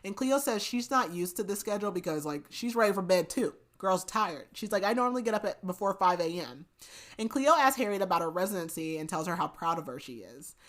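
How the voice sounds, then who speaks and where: This podcast host recaps a book casually, her voice on the low side, expressive, fairly quick, and a bit bright. She retells it chattily, saying "like" and "basically" a lot and adding asides with laughter.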